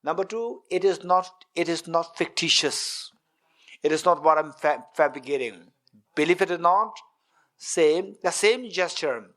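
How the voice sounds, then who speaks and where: Questioning, repetitive male dharma teacher. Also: on the high side. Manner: repetitive, questioning the audience, animated with gestures. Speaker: Buddhist teacher. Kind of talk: dharma teaching to a retreat audience. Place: meditation centre hall.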